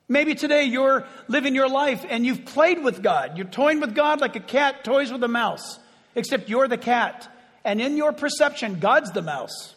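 A male pastor preaching a sermon with animated storytelling and chuckling asides, in a church hall. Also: very high-pitched. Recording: echoey hall.

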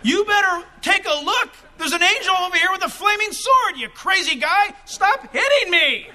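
A man voicing an exasperated talking donkey in a sermon, shouting in a high, strained voice. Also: lively intonation, moderate pace, full character voice. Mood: indignant.

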